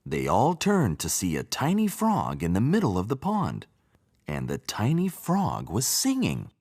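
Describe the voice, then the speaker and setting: A man reading a children's story aloud, his fairly low voice rising and falling with very lively swoops. The reading is expressive and sing-song, made for young listeners. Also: measured pace, husky. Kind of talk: storybook read-aloud narration.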